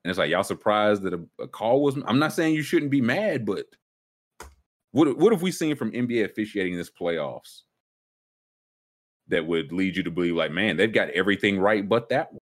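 Animated ranting male sports podcaster. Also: moderate pace, long pauses. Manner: animated, ranting, jumps high in pitch when worked up. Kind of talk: casual sports talk.

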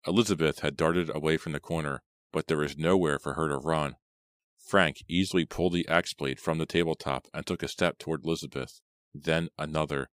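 A man narrating a horror audiobook in a steady, measured reading style. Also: very deep voice, no echo, studio quality.

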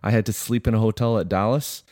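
Low, dark-voiced man in reflective chat. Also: fairly even intonation, quick pace, no echo, studio quality. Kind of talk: casual conversation.

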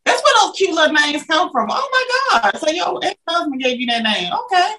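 A woman's voice: sits high, big pitch swings, a little fast, pushed and bright, slight background noise, poor audio. A woman hosting a casual interview, bubbly, exclamatory and teasing. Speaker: interview host.

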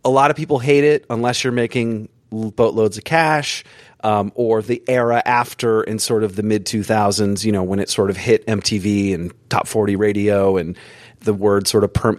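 A man's voice: on the low side, steady tone, moderate pace, dry recording, clean studio sound. A man hosting a podcast, chatting casually and telling jokey stories. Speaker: podcast host. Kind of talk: casual interview chat.

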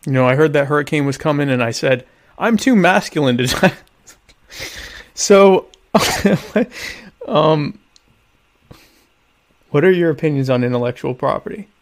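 Deadpan man hosting a rambling live show. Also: fairly high pitch, measured pace, pauses often. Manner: deadpan, mock-pompous humor; rambling, self-interrupting. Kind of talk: casual live-stream chat.

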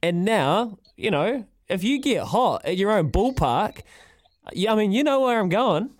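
A man's voice: high voice, sing-song, measured pace, no echo, studio quality. A man hosting a casual radio chat, jokey and laughing often. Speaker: radio host.

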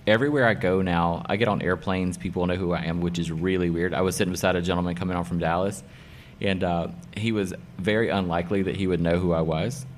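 A man's voice: low-pitched, steady tone, fast, few pauses, a little hiss or hum. A middle-aged man, a hairdresser and salon owner being interviewed, who talks with enthusiasm and hammers points home by repeating them. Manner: enthusiastic, emphatic, repeats key phrases. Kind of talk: casual interview talk.

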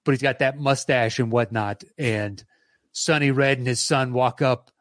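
A man's voice: medium pitch, moderate pace, a bit bright, no room sound, studio quality. A man in casual podcast talk, rambling enthusiastically about a movie he loves, with frequent restarts. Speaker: podcast co-host. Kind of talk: casual film discussion.

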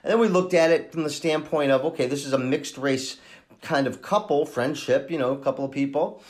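A man hosting a true-crime podcast, thinking aloud in a halting way with many restarts as he talks through a case. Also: on the high side, darkish tone. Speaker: podcast host and case investigator.

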